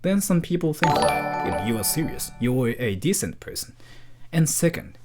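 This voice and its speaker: Animated man reading stream donations. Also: medium pitch, moderate pace, over loud music. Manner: rambling, joking, playfully awkward. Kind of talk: casual live-stream chat.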